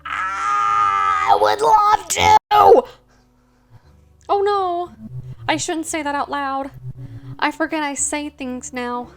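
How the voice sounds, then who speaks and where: A woman's voice: sits high, a little slow. A woman doing an eager, goofy ghost dog. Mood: excited. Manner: excitable, chatty, sweet.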